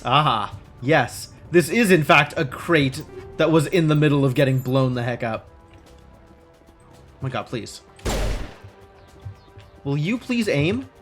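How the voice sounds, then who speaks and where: A young man streams a game live, chatting casually and dropping wry, sarcastic asides as he plays. His voice is medium-pitched and a bit bright, his pace measured, with faint music in the background.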